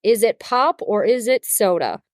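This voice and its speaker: A woman's voice: on the high side, expressive, unhurried, no room sound, studio quality. A young woman from Wisconsin who farms, co-hosting a podcast in an upbeat, chatty, agreeable way. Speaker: podcast co-host, farmer. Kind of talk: casual podcast chat.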